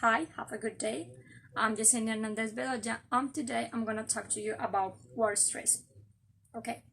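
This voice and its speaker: A woman's voice: on the high side, fairly even intonation, gravelly, fairly bright tone, a little hiss or hum. A young woman with a Colombian Spanish accent, giving a careful class presentation on word stress. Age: young adult. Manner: slow, careful, explanatory. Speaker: student presenter.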